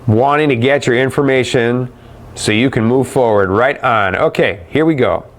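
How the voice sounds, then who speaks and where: A man's voice: medium pitch, moderate pace. Chatty upbeat man hosting a webcast. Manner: upbeat, chatty, calls viewers guys and brother. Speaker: webcast host answering viewer questions. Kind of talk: live webcast Q&A.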